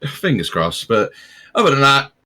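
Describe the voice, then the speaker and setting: A man's voice: mid-range voice, very animated, moderate pace, bright, forceful tone. A young man who is a guest on a casual podcast, laid-back and giving brief replies.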